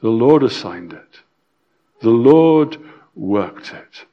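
A man preaching a sermon, emphatic and repetitive, swinging between loud stresses and quiet drops, with some stammered restarts. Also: medium pitch, lively intonation, slow, lo-fi sound.

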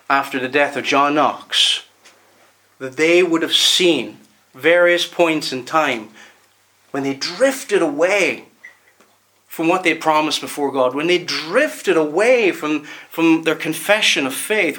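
A man preaching a sermon, emphatic, repeating words and slowing down to stress them. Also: a little high, sharp tone.

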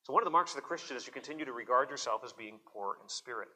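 A man's voice: mid-range voice, very fast, sharp tone, husky. A pastor preaching a sermon at a church service in an earnest, emphatic way, often repeating words as he presses a point.

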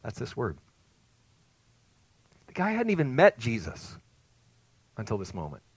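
A man preaching a sermon as pastor, earnest and emphatic, rising to loud peaks and dropping to soft, hushed phrases. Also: mid-range voice, huge pitch swings, unhurried, husky, dry recording.

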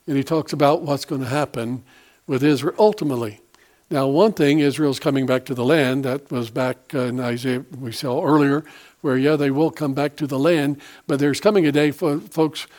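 A man's voice: on the high side, a little mellow. A man preaching a sermon in a folksy, rambling way with many fillers and restarts.

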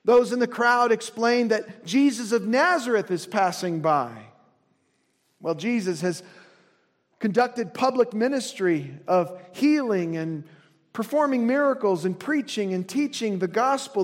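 A man preaching a sermon as pastor, earnest, often dropping to a soft hush to drive a point home. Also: sits high, animated, measured pace. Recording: long reverb of a large hall.

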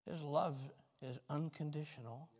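A male pastor preaching a fervent sermon with folksy, self-mocking humor, swinging between shouts and quiet talk. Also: fairly high pitch, steady tone, a little slow. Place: church sanctuary. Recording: long reverb of a church hall.

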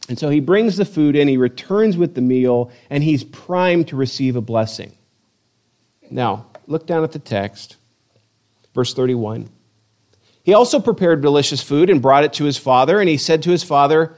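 A man preaching a sermon, reading scripture with slow drama between conversational asides. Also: a little high, darkish tone. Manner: reads scripture slowly and dramatically, then talks conversationally. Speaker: pastor.

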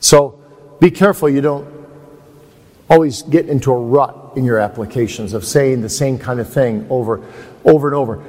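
With a mid-range, slightly mellow voice at normal speed, a male preacher leads a seminar teaching sermon that is anecdotal and conversational. His tone is self-deprecating, echoing with long hall reverb.

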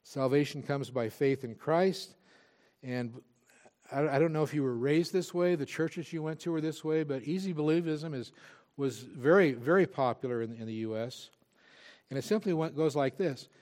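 Earnest preaching man, fairly high voice. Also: normal speed, darkish tone. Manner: earnest, emphatic preaching with frequent restarts. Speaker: pastor. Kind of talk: sermon.

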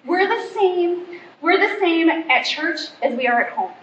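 A woman's voice: extremely high pitch, expressive, a little slow, a bit bright, slight background noise. A woman in her forties, a pastor's wife, giving a chatty, self-deprecating church talk and acting out bits of family dialogue. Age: 40s. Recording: roomy, slightly muffled hall recording.

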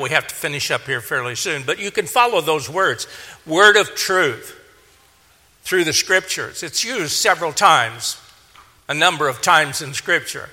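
A man preaching slowly and deliberately, his voice bright and ringing. He swings from quiet, low asides up to emphatic peaks, with a long reverb trailing behind each phrase. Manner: earnest, rising to emphatic peaks then dropping low. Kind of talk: sermon.

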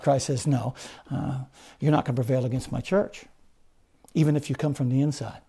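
A man preaching a sermon, rising to loud fervent emphasis and then dropping to low, quiet stresses. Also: steady tone, moderate pace, gravelly, husky. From United States.

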